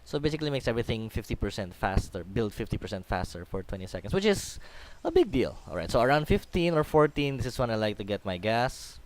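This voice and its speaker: A man's voice: mid-range voice, sing-song, fast, few pauses. A young man with a Filipino accent, rambling casually through a game tutorial with lots of ums and restarts. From Philippines. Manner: chatty, rambling, many fillers and restarts. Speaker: gaming tutorial host. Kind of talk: casual game commentary over replay.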